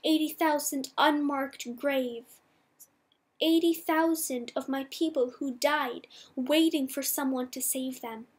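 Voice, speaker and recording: A woman reading a novel aloud in the first person, measured and softly dramatic. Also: sits high, fairly even intonation. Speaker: audiobook reader.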